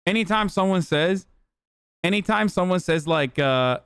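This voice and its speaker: Male streamer, sarcastic and swearing, smooth resonant voice, dry close sound. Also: a little high, moderate pace, fairly bright tone, no echo. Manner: sarcastic, profane, mocking. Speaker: streamer reacting to chat and clips. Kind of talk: casual live-stream commentary.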